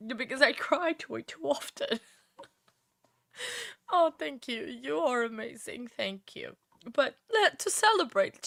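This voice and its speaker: A woman's voice: a little high, creaky, fairly bright tone, no echo, studio quality. A woman hosting a casual livestream chat who is emotional and tearful, laughs often and keeps thanking her viewers. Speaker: livestream host.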